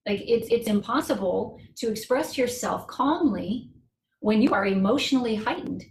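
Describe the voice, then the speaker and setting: A middle-aged woman, a guest speaker on a coaching call, tells a personal story and gives advice. She speaks earnestly and reflectively, slowing down to stress key points. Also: mid-range voice, a little mellow, a little hiss or hum. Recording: roomy echo.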